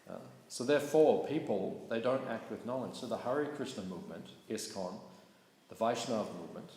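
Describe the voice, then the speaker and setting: A man's voice: lowish voice, animated, fairly quick, warm tone. Aussie guy giving a casual class, keeps asking right?, really roomy echoey hall. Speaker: teacher of a scripture class. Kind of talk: casual scripture class talk. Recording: echoey hall with faint noise.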